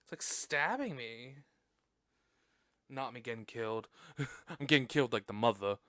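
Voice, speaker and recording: A man's voice: mid-range voice, lively intonation, a little slow, fairly bright tone, no echo. A man hosting a podcast, recapping a movie in casual chat, swearing and laughing often, in a room at home on a close desk mic. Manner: chatty, profane, laughs often. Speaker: podcast host.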